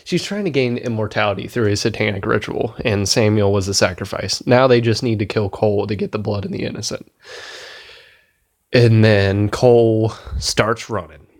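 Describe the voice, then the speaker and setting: A man giving a casual spoken movie review, rambling and swearing enthusiastically as he retells scenes. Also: on the low side. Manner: rambling, profane, enthusiastic, laughs at his own retelling.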